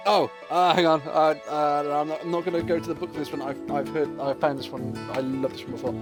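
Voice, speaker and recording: A man's voice: fairly high pitch, brisk. Chatty man with game music behind. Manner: chatty, rambling, lively. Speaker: streamer. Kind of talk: casual gameplay chat.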